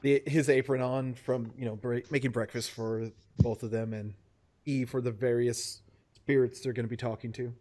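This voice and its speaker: A man narrates a tabletop game session as its game master. His pitch sits in an ordinary middle range. He talks loosely, tripping over words and filling gaps with "uh" and laughter. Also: little pitch movement, darkish tone. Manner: halting, many fillers, laughs often.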